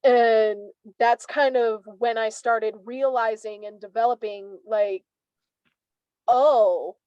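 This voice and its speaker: A young woman from Savannah, a guest in a casual conversation, animated as she tells stories and acts out what others said. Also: a little high, slow, clean tone, dry recording, lo-fi sound. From Savannah, Georgia, US. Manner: animated storyteller, acts out quoted speech.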